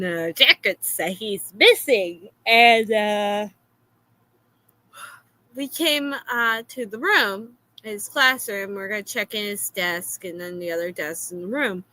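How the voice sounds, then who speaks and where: A woman with a Florida accent telling a story in a casual, exasperated way, filling pauses with "uh". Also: medium pitch, rough recording. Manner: animated, exasperated, many "uh" fillers.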